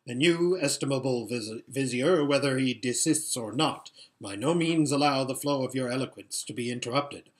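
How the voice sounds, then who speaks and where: A man voicing a shrewd old male emperor who speaks in a dry, measured, sardonic way. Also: mid-range voice, natural voice.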